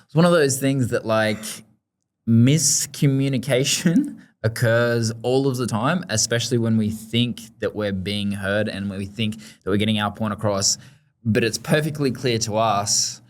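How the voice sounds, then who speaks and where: A man hosting a casual podcast interview, telling a relaxed, laughing story about parenting. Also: on the low side, a little slow. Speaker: podcast host.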